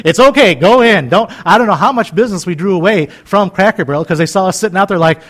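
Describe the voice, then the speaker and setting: A man's voice: sits high, lively intonation, brisk, a bit bright. A man in his fifties preaching in a folksy, conversational way, joking and wandering into chatty asides. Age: 50s. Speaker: pastor.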